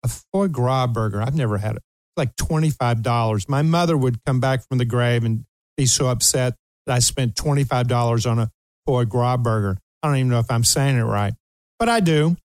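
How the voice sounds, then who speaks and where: A brisk, medium-pitched older man from Kentucky, the host of a talk show, tells an amusing story with no room sound around him. He's animated, laughs frequently, and performs each quoted voice.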